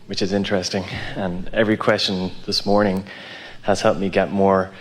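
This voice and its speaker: A man from the audience asking a question, telling his dream in a halting way. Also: sits low, little pitch movement. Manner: halting, restarts while telling a story. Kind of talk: casual account of a dream.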